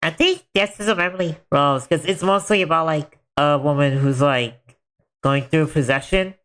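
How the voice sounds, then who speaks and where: A man's voice: a little high, moderate pace, a bit bright. A man streaming a game, chatting casually in a rambling way full of filler words. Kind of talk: casual chat while gaming.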